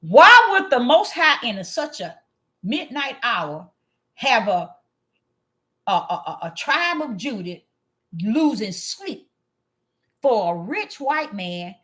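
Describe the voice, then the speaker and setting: A woman with a fairly high voice delivers a preachy monologue to her viewers. She hammers points home by repeating herself. She jumps from loud exclamations to quiet, muttered asides. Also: very animated, takes it slowly, pauses often. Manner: emphatic, repeats phrases for emphasis. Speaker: online religious commentator.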